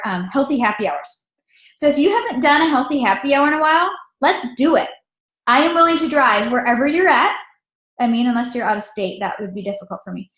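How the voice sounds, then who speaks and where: A woman's voice: high voice, reverberant. A woman hosting a team call, talking in an enthusiastic, motivational way. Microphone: call audio.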